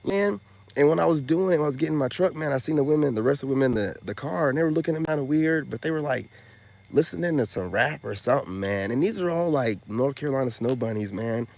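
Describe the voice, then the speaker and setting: Male host, casual storyteller who gets loud and animated when quoting others. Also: medium pitch, quick pace, creaky. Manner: loud, excitable, acts out voices in quotes. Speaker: commentary channel host.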